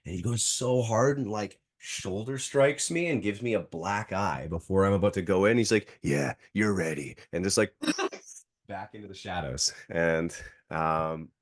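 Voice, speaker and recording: Guy in his thirties, low voice, chatty storyteller who leans on "like" and acts out quotes. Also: unhurried, no room sound, clean studio sound. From Canada. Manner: filler-heavy, acts out quotes. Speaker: podcast guest, jiu-jitsu coach. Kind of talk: casual storytelling.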